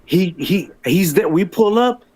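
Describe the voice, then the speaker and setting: A man's voice: high-pitched, expressive, a little slow, a little mellow. Profane, rambling man telling a story. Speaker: guest caller telling his story. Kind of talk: casual storytelling on a livestream.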